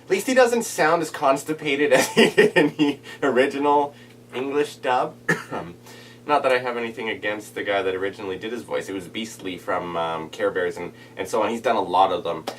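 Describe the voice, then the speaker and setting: Guy with a lowish voice rambling on in a vlog, sits back from the mic, faint hum behind. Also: normal speed, a bit bright, far from the mic. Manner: rambling, many restarts and fillers. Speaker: vlogger reviewing anime dub voices. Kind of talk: casual reaction video monologue.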